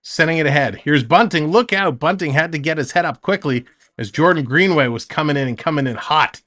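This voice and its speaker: Guy doing live hockey play by play on a stream, kinda high voice, quick short calls then chatting w chat. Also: sharp tone. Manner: narrates action in short bursts, chats with viewers between plays.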